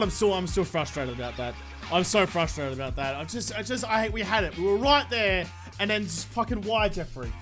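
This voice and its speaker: A man commentating his own gameplay, swearing and ranting excitably at the game. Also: high-pitched, fairly quick, faint music behind. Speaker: gaming YouTuber.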